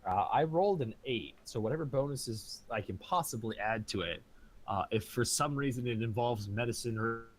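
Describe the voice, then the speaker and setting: A man's voice: medium pitch, lively intonation, normal speed. A man chatting casually as a player in a tabletop game, easygoing and laughing often.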